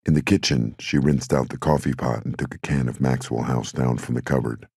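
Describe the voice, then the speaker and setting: A man narrating an audiobook in a steady, measured way. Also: extremely low pitch, breathy edge, dry recording, studio quality. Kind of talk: scripted narration.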